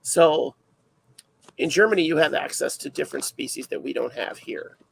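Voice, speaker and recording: A man's voice: on the high side, normal speed, vocal fry, slight background noise, poor audio. A man hosting a casual livestream chat, rambling and self-deprecating, full of fillers. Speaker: livestream host.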